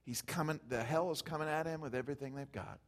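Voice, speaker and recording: A man preaching a sermon, building from hushed passages to loud, emphatic peaks. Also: on the high side, quick pace.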